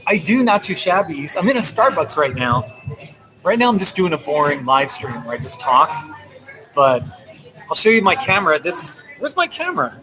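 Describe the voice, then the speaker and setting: A man's voice: fairly high pitch, big pitch swings, normal speed, poor audio. A man live streaming from a coffee shop, chatting casually and animatedly with his viewers and laughing often. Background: music playing.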